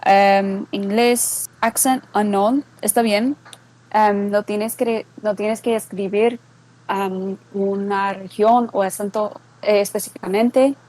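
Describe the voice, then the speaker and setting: A woman's voice: mid-range voice, measured pace, rough recording. A woman walking listeners through a screen-share tutorial, mixing English and Spanish and checking in often with "okay?". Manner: relaxed, with many fillers. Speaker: server moderator explaining a bot.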